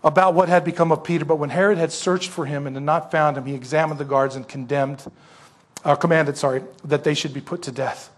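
Husky high-voiced preacher. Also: male voice, fairly quick. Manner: lively storyteller with rhetorical questions. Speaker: pastor. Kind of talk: expository sermon.

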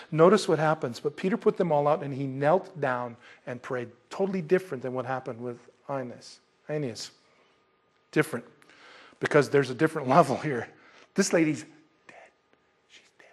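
A man preaching an expository sermon in a conversational, animated way, acting out the scenes he describes. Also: a little high, breathy edge. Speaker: pastor.

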